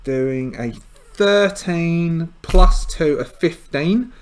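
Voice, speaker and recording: Man running a solo tabletop game, slow and meandering, full of asides. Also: a little high, expressive, a little hiss or hum. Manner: rambling, hesitant, many fillers and asides.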